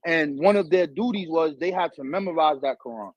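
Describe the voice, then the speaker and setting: High-voiced New York man, streetwise talk. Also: brisk, no room sound. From New York, the Bronx. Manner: streetwise, profane, animated storytelling. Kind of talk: casual conversation. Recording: dull lo-fi audio, dry.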